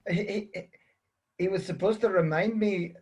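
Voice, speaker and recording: A man with a slightly higher voice jokes around as a podcast co-host. He throws mock insults with easy, casual banter. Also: unhurried, darkish tone, muffled recording.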